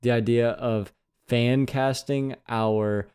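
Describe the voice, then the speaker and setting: A young man in his twenties co-hosts a podcast and trades dry, teasing banter with his partner. His voice sits at an ordinary mid pitch, and he keeps the chat casual. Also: fairly even intonation, takes it slowly, a little mellow, clear, resonant tone. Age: 20s. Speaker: podcast co-host.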